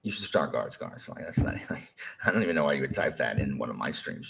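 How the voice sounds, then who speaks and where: A young man with a low voice chats loosely with his viewers on a live stream. He rambles between topics with plenty of fillers and restarts, and his pitch swings widely as he gets worked up. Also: fast, vocal fry, a little hiss or hum. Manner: rambling, animated, lots of fillers. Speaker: teacher. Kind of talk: casual stream chat.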